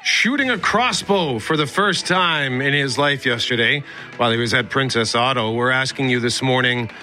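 A man co-hosting a morning radio show, energetic, rambling and restarting when chatting. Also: medium pitch, moderate pace. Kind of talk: radio ads and banter. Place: radio studio. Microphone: studio microphone.

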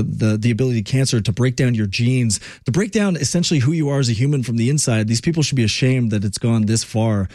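A man's voice: medium pitch, dark tone, dry recording. Indignant male podcast host, dry sound. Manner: heated, indignant. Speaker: show host. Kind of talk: podcast interview talk.

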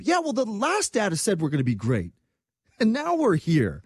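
A man from Quebec giving casual political commentary on his own program, animated and sarcastic. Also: high voice, breathy edge, no echo. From Quebec, Canada. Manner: animated, sarcastic, quick asides.

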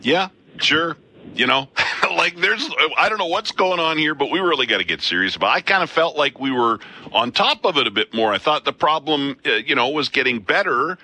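A man's voice: a little high, animated, brisk, bright, forceful tone. A man hosting a call-in radio talk show from a studio, chatting and thinking aloud. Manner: conversational, thinks aloud with restarts. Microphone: studio mic.

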